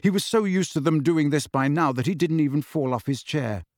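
Male audiobook narrator, expressive, fairly high voice, very dry studio sound. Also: brisk, no room sound. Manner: expressive storytelling. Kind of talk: scripted narration.

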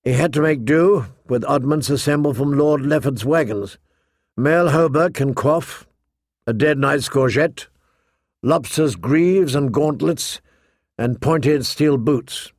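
A man reads a fantasy novel aloud in a steady, measured storytelling voice. His tone is slightly raised for a man and noticeably gravelly, recorded close and dry with no room sound. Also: a little high, no room sound. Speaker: audiobook narrator. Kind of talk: scripted narration.

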